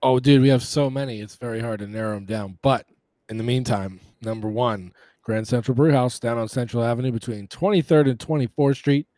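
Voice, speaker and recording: A relaxed man chats casually with dry humor while co-hosting a podcast. His voice sits at a middle pitch. The recording is dry and close. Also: fairly quick, no room sound. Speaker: podcast co-host. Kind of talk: casual chat.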